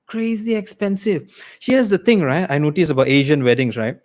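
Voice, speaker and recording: A young man from Malaysia performing a livestreamed stand-up set, acting out characters. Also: fast talker. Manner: animated, acts out characters with big pitch swings. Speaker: stand-up comedian.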